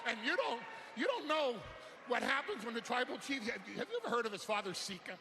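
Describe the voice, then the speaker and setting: A man's voice: extremely high pitch, animated, fast. Theatrical man pleading in an arena promo. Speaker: wrestling show speaker. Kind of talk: impassioned arena promo speech. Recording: roomy arena broadcast audio.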